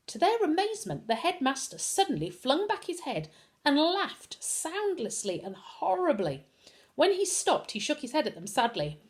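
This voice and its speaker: A woman reading a children's novel aloud with expressive storytelling. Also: high voice, normal speed. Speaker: reader.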